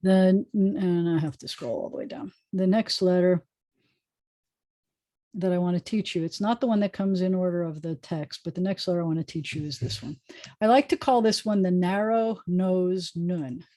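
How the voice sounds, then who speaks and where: A woman's voice: on the low side, normal speed, warm tone. An American woman, a rabbi, teaching a beginners' Hebrew class over a video call, explaining patiently with chatty asides. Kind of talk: online class lesson.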